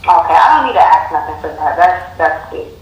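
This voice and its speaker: Female client at a reading, halting and unsure, booming room echo. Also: expressive, highs cut off. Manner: halting, searches for words. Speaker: tarot client. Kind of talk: casual chat. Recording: very echoey room.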